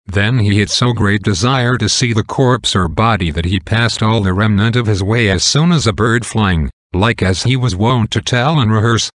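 A man giving a slow, measured reading of saints' lives in archaic prose. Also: on the low side, no room sound, studio quality. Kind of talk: slow reading of an old text.

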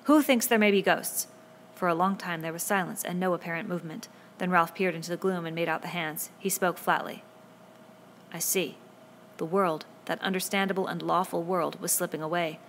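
A woman narrating a novel aloud in a steady, measured reading voice. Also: lowish voice, a little hiss or hum. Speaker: audiobook reader.

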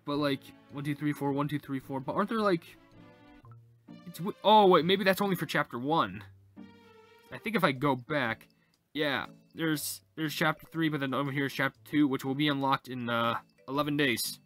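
A man giving casual, rambling gameplay commentary as a YouTuber, getting excitable at close calls. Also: a little high, moderate pace, soft background music. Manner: rambling, excitable, lots of fillers. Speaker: gaming YouTuber.

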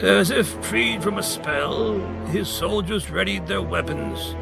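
Slow, gravelly male storyteller. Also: sits high, loud music behind the voice. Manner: dramatic, slow, emphatic narration. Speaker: storyteller reading a picture book aloud. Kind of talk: expressive read-aloud storytelling.

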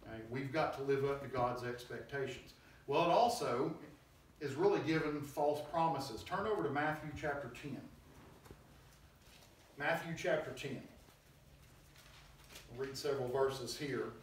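A man's voice: mid-range voice, a little slow, long pauses. A male preacher giving an emphatic, conversational sermon and acting out quoted voices, recorded in a church hall. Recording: very echoey hall, distant mic, faint noise.

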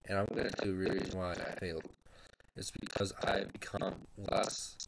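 Tearful teenage boy, low gravelly voice. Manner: halting and hesitant, trailing off and restarting. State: tearful, on the verge of crying. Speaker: gaming YouTuber. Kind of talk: emotional farewell vlog. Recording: noisy home recording with clicks.

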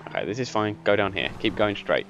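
Young man giving excited gameplay commentary. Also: on the low side, fairly quick, dull audio, a little hiss or hum. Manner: excitable, bossy when giving directions, laughs often. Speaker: gaming channel host.

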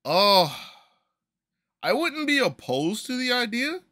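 Casual male podcast host, bright tone, close dry mic, rambling and relaxed. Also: extremely high pitch, takes it slowly, no room sound. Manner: relaxed, rambling, laughs easily. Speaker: podcast host reviewing sodas. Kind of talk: casual solo review chat. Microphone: desk microphone.

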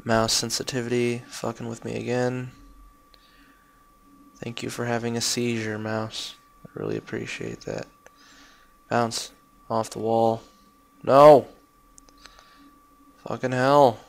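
A man's voice: medium pitch, little pitch movement, slow pace, gravelly, long pauses. A young man commenting on his own gameplay, cursing at his mistakes and making sarcastic asides. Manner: swearing, frustrated outbursts and sarcastic asides. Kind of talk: let's play commentary.

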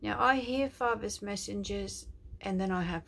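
A woman minister delivering a prophetic message in a hushed, tender, reverent way, often dropping to a whisper and lingering on her words. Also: medium pitch, moderate pace, vocal fry, slight background noise.

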